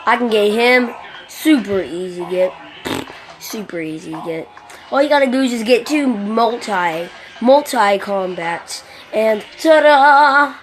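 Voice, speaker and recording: A woman giving rambling, excitable commentary while playing a mobile game, swearing a lot, recorded on a phone mic. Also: fairly high pitch, unhurried, a little hiss or hum. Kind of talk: casual gameplay commentary. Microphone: phone microphone during screen recording. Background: game music.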